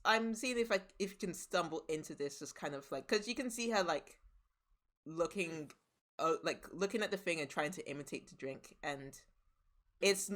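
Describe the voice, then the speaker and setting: A woman's voice: low-pitched, fairly bright tone. A woman narrating as game master of a tabletop game, rambling with many fillers and restarts.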